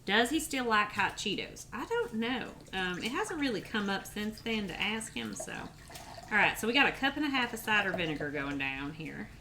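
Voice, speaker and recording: With big pitch swings in her mid-range voice, a woman talks to her livestream chat at a moderate pace as she cooks at home. Background noise and the clatter of pots, pans and dishes fill the casual stream.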